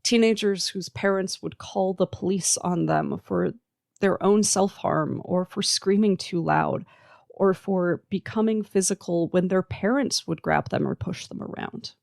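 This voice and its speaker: Earnest podcaster with a gravelly voice. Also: mid-range voice, sing-song, no echo, clean studio sound. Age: adult. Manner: earnest, emphatic, listing points in slow measured runs. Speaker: podcast host who works with teens. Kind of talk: reflective solo podcast monologue.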